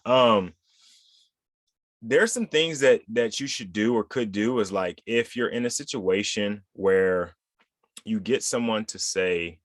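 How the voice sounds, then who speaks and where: A man's voice: on the low side, takes it slowly, dry recording, clean studio sound. A man hosting a podcast, talking casually and often checking in with the listener with "right?". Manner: conversational, lots of "right?" tag questions. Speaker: podcast host.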